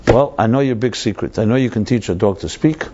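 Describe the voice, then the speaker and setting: A man's voice: lowish voice, fairly quick, warm tone, lightly acted. A man voicing a rich, dim, hot-tempered nobleman in a told story, with demanding, blustering speech, on a dull lo-fi recording.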